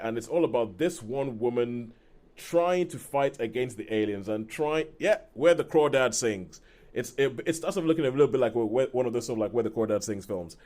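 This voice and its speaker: A man co-hosting a film podcast, chatting casually with rambling restarts and quick laughs. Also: medium pitch, darkish tone. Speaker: podcast co-host. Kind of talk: casual film review chat.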